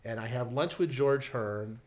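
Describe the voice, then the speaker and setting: A man telling a casual anecdote in an animated way, acting out the people in it. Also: medium pitch, unhurried. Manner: animated, acts out quoted voices, restarts. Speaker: storyteller guest.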